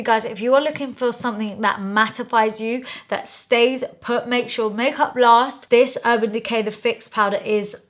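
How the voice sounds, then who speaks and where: A young woman with a slightly high voice talks viewers through her makeup. She chats casually and reacts with lively, animated asides, and she calls her audience babe and honey. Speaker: makeup vlogger. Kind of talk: casual chatty makeup tutorial.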